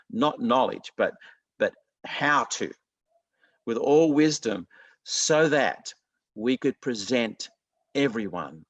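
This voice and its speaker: A man's voice: medium pitch, no room sound. A man preaching a sermon in an earnest, conversational way, often restarting his sentences. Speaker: pastor.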